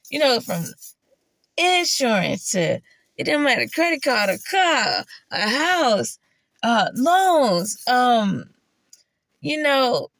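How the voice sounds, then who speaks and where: Woman vlogger, fry-heavy voice, profane storyteller, dry sound. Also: no echo. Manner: profane, animated, quoting herself in a higher voice. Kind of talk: casual storytelling monologue.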